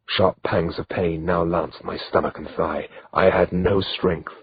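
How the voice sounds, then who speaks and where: A man narrating an audiobook in first person with a measured, steady delivery, in a slightly dull lo-fi recording. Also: low voice, slightly rough.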